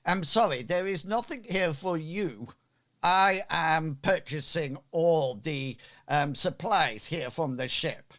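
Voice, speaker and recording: A man's voice: a little high, slow pace, fairly bright tone, pitched above the performer's own voice. A man voicing a haughty male merchant who takes offense easily and talks down to strangers. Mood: dismissive. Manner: indignant, sniffy.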